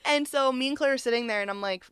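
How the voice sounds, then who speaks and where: A woman's voice: sits high, fast, a bit bright, clean tone, no echo, studio quality. A young woman co-hosting a podcast, telling stories in a chatty, laughing way and swearing freely. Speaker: podcast co-host. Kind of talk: casual storytelling chat.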